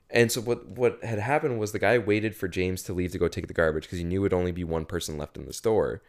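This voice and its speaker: A man's voice: low-pitched, fast, hardly any pauses. A man co-hosting a casual podcast, retelling a story with swearing and acted-out quotes. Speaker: podcast co-host.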